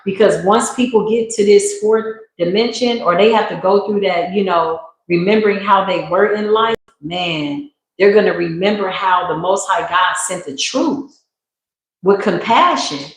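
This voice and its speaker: A woman hosting a live tarot reading, animated and emphatic as she points viewers to the cards. Her voice sits at a middle pitch. The room gives it a clear echo. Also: unhurried. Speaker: tarot reader. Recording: roomy echo.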